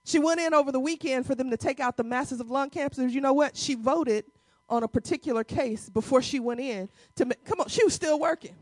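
A woman preaching a sermon to a congregation, emphatic and animated, in a casual vernacular style with calls to the crowd. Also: sits high, brisk, no room sound. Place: church before a congregation.

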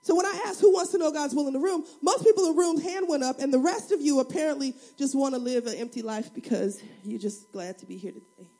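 A woman pastor preaching a sermon in a lively, humorous, conversational way, speaking directly to the congregation. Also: sits high, quick pace, hardly any pauses. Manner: animated, humorous, acts out prayers and everyday scenes.

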